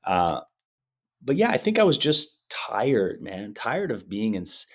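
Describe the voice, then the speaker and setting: A man's voice: lowish voice, wildly swooping pitch, a little slow. A man who is a guest on a podcast interview, telling personal stories in an earnest, emotional way and acting out the quotes. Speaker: guest, hypnotherapist. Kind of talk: conversational interview storytelling.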